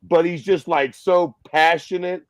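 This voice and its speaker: Male podcast host, animated profane ranting, dry close recording. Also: a little high, unhurried, dry recording, low-quality recording. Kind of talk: casual chat.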